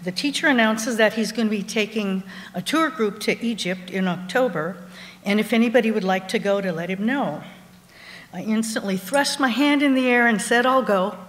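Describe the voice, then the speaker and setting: A woman from Montana telling a personal story on stage at a live show, in a measured, scene-setting way. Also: fairly high pitch. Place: theater stage before a live audience. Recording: long theater reverb.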